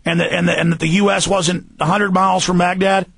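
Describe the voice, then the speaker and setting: Man, talk radio host, high gravelly voice, husky, emphatic ranting, dry close sound. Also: level tone, fairly quick, no echo. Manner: emphatic, ranting, raises voice to a shout. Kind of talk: heated talk radio rant.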